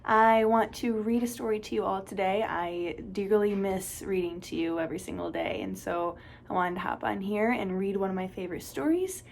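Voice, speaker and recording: A woman teacher reading a children's story aloud in a warm, expressive way, recorded on a home webcam or phone. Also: mid-range voice, normal speed, vocal fry, hardly any pauses, a little hiss or hum.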